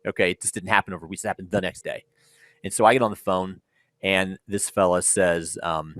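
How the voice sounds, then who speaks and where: A man with a slightly low voice recounts how he built a company, chatting informally with ums and restarts. He acts out phone calls and conversations with lively shifts. The sound is dry and close. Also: a little fast, dry recording. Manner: animated storyteller acting out dialogue, frequent ums. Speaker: startup founder, panel speaker. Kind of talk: conversational keynote storytelling.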